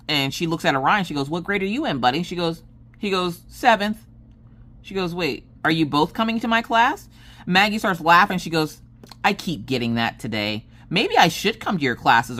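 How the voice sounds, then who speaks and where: With an extremely low-pitched but fairly bright voice, a crafting vlogger and streamer makes casual conversation as she crafts. Her story wanders along, and she acts out the dialogue of everyone involved.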